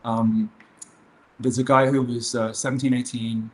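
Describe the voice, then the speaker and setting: In an unhurried, mid-range voice with little pitch movement, a man speaks as a guest in a casual interview. His talk is rambling and provocative, laced with mockery, frequent restarts and plenty of fillers.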